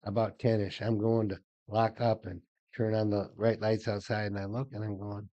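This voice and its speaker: A man's voice: lowish voice, flat delivery, moderate pace, highs cut off. An older man, co-hosting a local talk show in a folksy, storytelling manner. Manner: folksy, storytelling, repeats words. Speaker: co-host.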